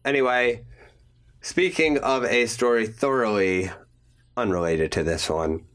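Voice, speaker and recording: Low-voiced man with a cold. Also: unhurried, fairly bright tone. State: has a cold, sniffling. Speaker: podcast co-host. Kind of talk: casual podcast chat.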